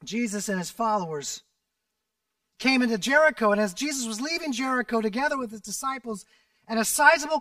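A man preaching a sermon as pastor, animated and dramatic, rising to shouts and dropping to near whispers as he retells a story. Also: high voice, no echo, distant mic. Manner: animated, acts out scripture voices, drops to a near whisper at times.

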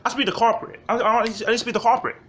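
A man voicing an irate fast-food customer who whines and shouts about his order over and over. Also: very high voice, steady tone, voice pushed up. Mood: whiny, indignant. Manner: shouting, whining, repeating himself.

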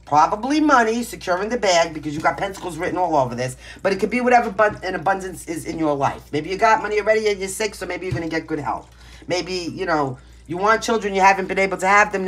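A woman from Brooklyn with a Brooklyn accent, giving a casual tarot reading from home in a blunt, brash, emphatic way. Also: medium pitch. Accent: Brooklyn New York. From Brooklyn, New York. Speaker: tarot reader. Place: home, pets nearby.

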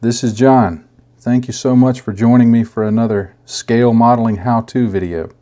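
A middle-aged man hosting a scale modeling how-to in a casual, easygoing way, chuckling at himself and pausing with fillers. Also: medium pitch, fairly even intonation, dark tone. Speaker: scale modeling tutorial host.

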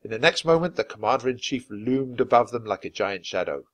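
A man reading a children's chapter book aloud clearly and expressively for language learners. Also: mid-range voice, lively intonation, a little fast, a bit bright, dry recording. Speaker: storybook reader.

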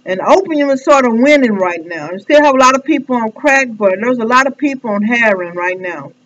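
Rambling, halting woman vlogger on a dull recording. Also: fairly high pitch, animated, fairly bright tone. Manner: rambling, halting, many fillers and restarts. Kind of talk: casual spoken monologue.

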